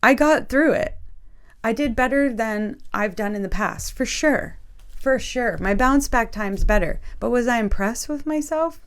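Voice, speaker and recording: A woman's voice: on the high side, measured pace, a bit bright, smooth. A woman hosting a faith video, talking earnestly and emotionally straight to her viewers, often checking in with them. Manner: earnest, emotional, addresses viewers directly with frequent "okay?". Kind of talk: casual spiritual talk to camera.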